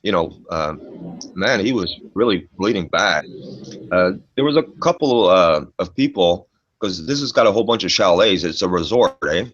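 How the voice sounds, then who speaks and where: His voice sits low as he tells the story in an animated way at a moderate pace. The middle-aged guest stays profane and emphatic in casual conversation, finishing lines with "man," on a dull, dry lo-fi recording.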